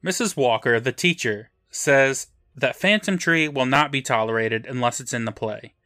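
Bright, dry-voiced man recapping an episode. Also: mid-range voice, normal speed, no echo. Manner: deadpan, crude asides while recapping. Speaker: podcast co-host recapping an episode. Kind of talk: casual recap narration with jokes.

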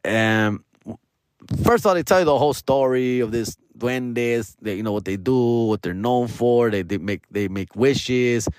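A man, hosting a podcast and telling a story in a casual, animated way, full of slang and swearing and dropping into Spanish. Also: medium pitch, unhurried, smooth, no echo, clean studio sound. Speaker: podcast host.

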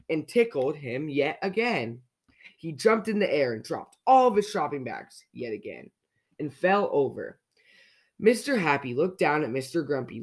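Playful storyteller reading to kids. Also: medium pitch. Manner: playful, asks young listeners questions. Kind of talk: reading a children's picture book aloud.

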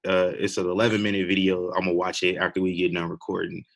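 A man's voice: low-pitched, completely flat delivery, quick pace, vocal fry, fairly bright tone. A young man co-hosting a podcast, chatting casually and rambling with lots of fillers and laughs. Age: young adult. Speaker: podcast co-host. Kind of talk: casual wrestling chat.

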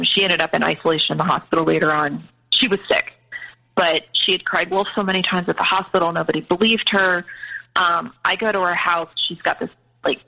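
A woman's voice: on the low side, vocal fry, sharp tone, rough recording. A woman as a podcast guest, earnestly recounting personal experiences with frequent restarts. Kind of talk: emotional personal storytelling.

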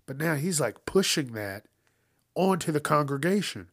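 A man's voice: on the high side, animated, moderate pace, gravelly, a bit bright, no room sound, clean studio sound. A man hosting a casual news commentary show, swearing often and ranting with frequent laughs. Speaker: host.

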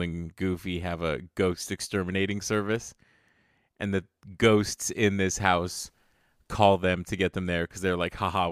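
A man's voice: low-pitched, clear, resonant tone, dry recording, clean studio sound. A man co-hosting a podcast in casual chat, laughing often and giving short reactions. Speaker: podcast co-host.

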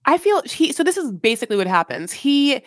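A woman's voice: sits high, sing-song, brisk, dry recording, clean studio sound. A woman co-hosting a casual podcast recapping a reality TV show, teasing and sarcastic with mock-dramatic asides. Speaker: podcast co-host.

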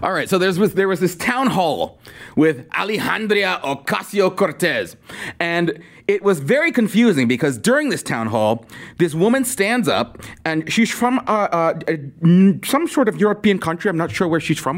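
A man hosting a political podcast, talking off the cuff in a sarcastic, animated way. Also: high-pitched, normal speed. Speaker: podcast host. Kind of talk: unscripted political commentary.

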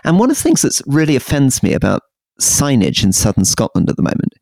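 A man co-hosting a political podcast in casual chat, animated and teasing, keen on history. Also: mid-range voice, quick pace, creaky, no echo, clean studio sound. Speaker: podcast co-host.

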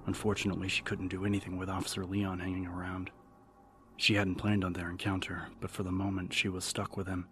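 A man narrating a horror story in a steady, even audiobook style. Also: low voice, a little fast. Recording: music bed under the narration.

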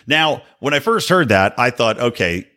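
A male podcast host in a sarcastic rant, full of asides. His pitch swings widely from phrase to phrase, and his voice sits at an ordinary middle height. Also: big pitch swings, moderate pace, pushed and bright. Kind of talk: opinionated political commentary.

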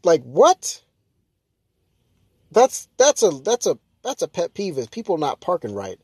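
A young man in a casual vlog rant, talking fast and loose with lots of fillers and restarts. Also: medium pitch, very animated, dry recording. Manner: ranting, exasperated, jumps to loud mock shouts.

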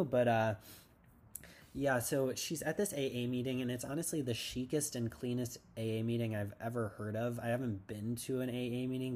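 A man's voice: mid-range voice, mellow. Rambling sarcastic male podcaster. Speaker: podcast host. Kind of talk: casual TV recap podcast.

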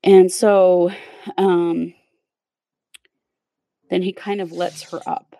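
A woman's voice: on the low side, flat delivery, very slow, dark tone, dry recording. A woman hosting a podcast, telling a true crime case in a casual, step-by-step way with fillers. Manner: conversational, recounts events step by step with fillers.

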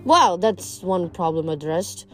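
A woman's voice: on the low side, expressive, takes it slowly, a bit bright, soft background music. Woman doing a dry, formal huntress girl.

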